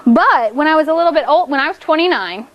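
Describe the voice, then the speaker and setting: A woman teaches a class in an upbeat, encouraging way, with a high, bright-pitched voice. She talks the children through each step and keeps checking in with "okay?". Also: animated, fast talker, lo-fi sound. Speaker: elementary school teacher.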